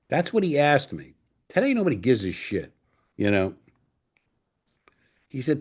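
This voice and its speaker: A man's voice: medium pitch, huge pitch swings, a little slow, long pauses, a little mellow. A man in his sixties from Port Chester, New York, a filmmaker guest telling salty anecdotes in a casual interview and acting out other people's lines.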